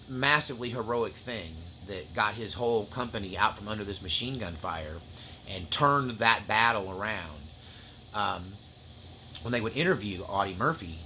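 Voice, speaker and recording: A man's voice: medium pitch, a little hiss or hum. A man preaching on spiritual warfare, talking with passionate fervor that swings to loose joking asides. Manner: impassioned, rising to near-shouts and tearful intensity, then joking asides. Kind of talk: fiery spiritual-warfare teaching.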